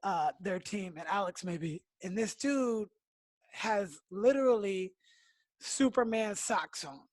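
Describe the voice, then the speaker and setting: A man hosting a podcast, chatting casually and telling a story in a relaxed, drawn-out way. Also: sits high, no room sound. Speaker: podcast host. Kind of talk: casual interview chat.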